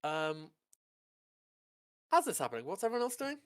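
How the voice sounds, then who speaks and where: A relaxed game master sets each scene with plenty of jokes. The voice swings widely up and down as it narrates, at a middle pitch. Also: moderate pace. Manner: relaxed, joking, describing scenes.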